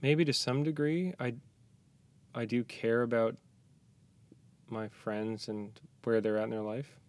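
A man who is a parent, talking as a guest on a podcast in a small closet, tired, soft-spoken and halting, with joking asides. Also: mid-range voice, steady tone. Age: young adult to middle-aged, a parent. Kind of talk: casual podcast chat.

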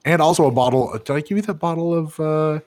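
A man's voice: a little high, fast talker, darkish tone. A man in his thirties co-hosting a casual podcast, joking, swearing and laughing often as he chats. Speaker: podcast co-host.

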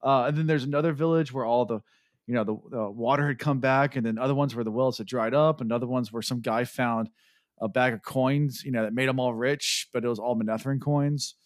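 A man's voice: mid-range voice, fairly even intonation, a little fast, no room sound, clean studio sound. A man co-hosting a podcast, chatting in a loose, rambling way with lots of fillers. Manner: rambling, full of "like" and "um". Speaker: podcast co-host. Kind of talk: casual chat.

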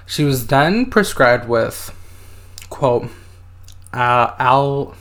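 Podcast co-host, a man who narrates a story in casual chat. He stumbles and restarts a lot and drops in "like" often. He reads quoted passages aloud in between, at a middling pitch. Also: expressive, extremely slow, long pauses, a bit bright. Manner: hesitant, reads out quotes, many fillers.

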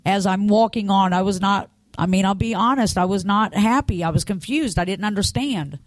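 A woman's voice: mid-range voice, normal speed, no echo. Middle-aged woman, church testimony, earnest and conversational, close dry recording. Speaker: church speaker giving a testimony. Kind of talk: personal testimony.

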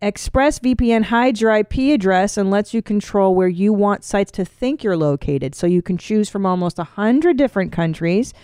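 A woman's voice: mid-range voice, expressive, normal speed, hardly any pauses, warm tone, smooth, no room sound, clean studio sound. Chatty woman co-hosting a podcast. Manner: laughs easily, chatty and teasing. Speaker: podcast co-host. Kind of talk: casual podcast chat and host-read ad.

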